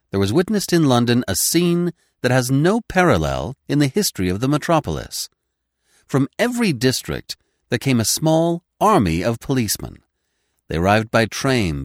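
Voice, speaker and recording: A man reading a classic crime story aloud as narrator, lively and giving each character their own voice. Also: mid-range voice, no room sound, studio quality. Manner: animated, voicing each character in turn. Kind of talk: scripted audiobook narration.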